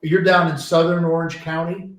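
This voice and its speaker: A man's voice: on the high side, flat delivery, normal speed, fairly bright tone. A man co-hosting a sports radio show, breaking in with short, direct questions. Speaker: radio co-host. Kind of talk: casual interview talk. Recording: roomy echo.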